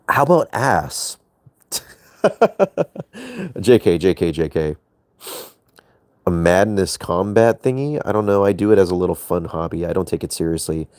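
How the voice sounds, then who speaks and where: A man's voice: fairly low pitch, darkish tone, dry recording, clean studio sound. A young man chatting casually to his viewers on a late-night livestream, playful and teasing with joking innuendo.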